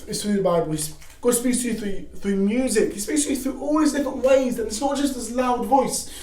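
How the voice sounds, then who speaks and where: A young man giving casual faith advice to camera, animated, acting out excited quotes. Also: very high voice, fairly quick. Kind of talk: casual devotional talk to camera. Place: garage. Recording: echoey garage from a distance.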